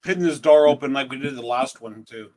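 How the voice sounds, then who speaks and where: A man playing a tabletop game, making brisk practical suggestions. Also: mid-range voice, a little mellow. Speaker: player. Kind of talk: casual tabletop play.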